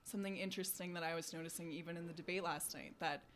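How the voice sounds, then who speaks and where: A young woman with a slightly low voice chats casually as a podcast co-host. Her talk is full of fillers and quick asides, and faint noise hums behind her. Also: steady tone, fairly bright tone. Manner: chatty, many fillers like "you know" and "like". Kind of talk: casual chat.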